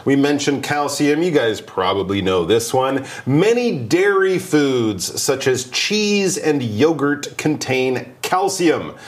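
A man's voice: mid-range voice, lively intonation, takes it slowly, hardly any pauses. A man co-hosting an English lesson, explaining vocabulary in a chatty way with joking asides. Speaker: co-host English teacher.

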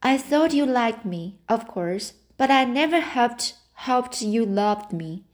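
A woman's voice: fairly high pitch, lively intonation, takes it slowly. A woman reading the lines of a dramatic, romantic young girl, breathless and theatrically tearful. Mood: rapturous.

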